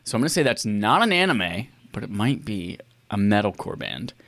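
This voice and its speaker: A man's voice: fairly low pitch, very animated, moderate pace, a bit bright, dry recording. A man co-hosting a podcast who plays a quiz, thinking aloud in a jokey, casual way. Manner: thinks aloud, jokey, puts on mock voices. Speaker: podcast co-host playing a quiz.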